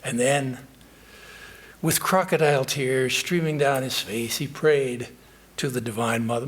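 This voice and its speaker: Slow, husky-voiced monk giving a sermon. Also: male voice, mid-range voice. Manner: measured, reflective, with hesitations. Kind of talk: sermon with storytelling. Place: temple.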